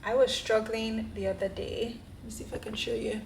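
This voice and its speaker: A woman's voice: on the high side, flat delivery, brisk, background noise. A young woman vlogging casually in her apartment, candid and self-reflective, often laughing as she talks into her camera. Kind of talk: casual vlog talk. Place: apartment, indoors. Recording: roomy indoor echo.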